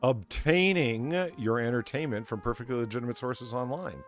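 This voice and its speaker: A man's voice: medium pitch, moderate pace, soft background music. A man on a podcast, teasing and arguing with his co-host in casual, sweary banter.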